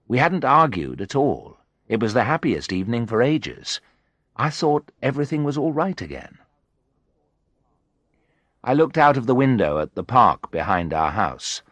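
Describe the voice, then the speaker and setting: A man narrating a graded story in the first person, reading in an expressive storytelling manner. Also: on the low side, no echo. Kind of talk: scripted narration of a graded reader.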